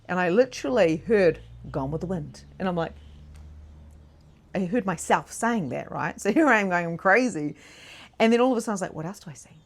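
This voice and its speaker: A woman coaching mediumship in a live online masterclass, telling stories in a chatty, animated way with frequent laughs and "like" fillers. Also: on the low side, a little fast.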